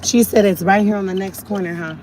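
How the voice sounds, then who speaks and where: Talking to her viewers on a live stream from a car, a woman speaks urgently and indignantly, often repeating herself. Her medium-pitched voice is steady, a little mellow, and a little fast, with slight background noise.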